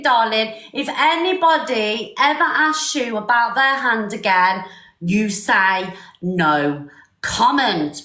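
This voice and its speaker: Woman hosting a live stream, chatty, warmly thanking viewers, bit of room echo. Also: sits high. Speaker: livestream host. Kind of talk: casual live-stream chat. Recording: roomy echo.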